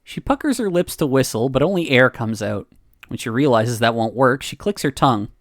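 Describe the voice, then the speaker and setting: A woman's voice: extremely low pitch, lively intonation, brisk, no echo, clean studio sound. A woman streamer reading a narrative game aloud, giggling and reacting between lines.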